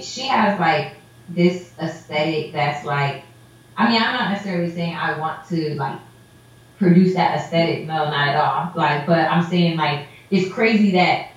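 A woman telling stories in casual chat, animated and acting out what people said, with lots of "like". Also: low voice. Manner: animated storyteller, acts out quotes, heavy "like" filler. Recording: roomy echo, dull lo-fi sound.

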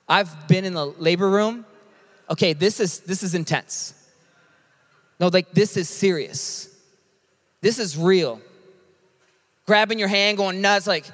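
A man preaching a sermon as a pastor, animated and conversational, with quick asides. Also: high-pitched, in a large hall.

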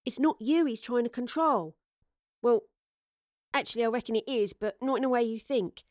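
A woman's voice: a little high, moderate pace, a little mellow, dry recording, studio quality, close to an everyday voice. Woman doing a cheeky, brash young woman. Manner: casual, swears freely.

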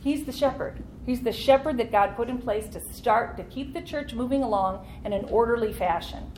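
A woman leads a church Bible study class, speaking earnestly and conversationally while leaning into key points. Her voice is a little high with a darkish tone and moderate pace, and there's a little hiss or hum.

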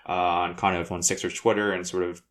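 A man who blogs about sports, chatting casually and telling stories in an excited, profane way. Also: low-pitched, fairly quick. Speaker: sports blogger. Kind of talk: casual chat.

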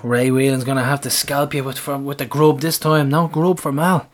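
A man co-hosting a casual football podcast, excitable and swearing freely. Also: medium pitch, normal speed. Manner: excitable, swearing, laughs often. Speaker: podcast co-host.

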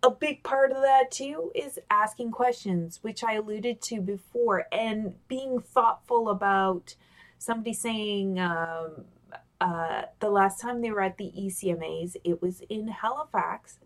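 A woman giving casual, animated communication tips over a webcam. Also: mid-range voice, a little slow. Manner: animated, talks with gestures, excitable. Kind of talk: casual instructional talk on camera. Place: home office with a squeaky chair. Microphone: webcam on a video call.

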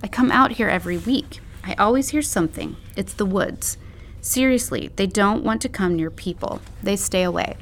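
A woman's voice: mid-range voice, moderate pace, a little hiss or hum, close to an everyday voice. A woman voicing a playful, theatrical young man who talks in a mock-grand, teasing way. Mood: reassuring.

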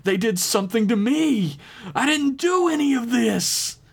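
A man's voice: very high voice, lively intonation, unhurried, gravelly, slightly rough, pitched above the performer's own voice, heavily acted. A man voicing a panicked, ranting man who is turning into a monster. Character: panicked mutating man, desperate killer.

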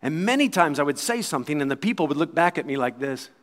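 A man preaching a sermon, quoting scripture and acting out voices, swinging between loud bursts and quiet asides. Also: on the high side, big pitch swings, fast. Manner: acts out quoted voices and crowd replies.

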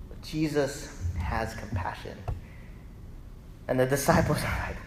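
A male pastor preaching a lively, conversational sermon that keeps checking in with the congregation. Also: fairly high pitch, moderate pace. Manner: animated, conversational, often asks "right?". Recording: echoey hall, faint noise.

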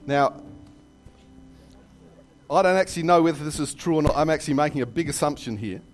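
A man preaching a sermon in a church, telling jokes and stories with lively asides. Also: on the high side, fairly quick. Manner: animated storytelling with jokes and asides. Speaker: pastor.

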